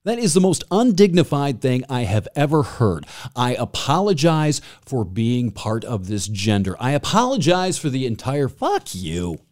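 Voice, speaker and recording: A man's voice: mid-range voice, very animated, a little slow, few pauses, darkish tone. A man hosting a podcast, telling stories and ranting in crude, joking banter. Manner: profane, ranting, jokey. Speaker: podcast host. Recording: faint music bed behind.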